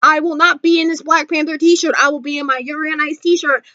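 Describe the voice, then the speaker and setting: A woman vlogger with a very high, bright voice talks off the cuff in a casual vlog. She rambles, gushes, and keeps correcting herself. The recording is dry and dull, a little lo-fi. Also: level tone, brisk, dry recording. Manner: rambling, with frequent um fillers and self-corrections; effusive and gushing. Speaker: YouTube vlogger.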